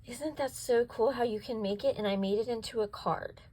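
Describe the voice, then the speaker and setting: A woman's voice, a little high, mellow and slightly rough, comes through poor audio at a moderate pace. She hosts a craft video, showing her projects step by step, gushing over them and constantly asking if they're cute.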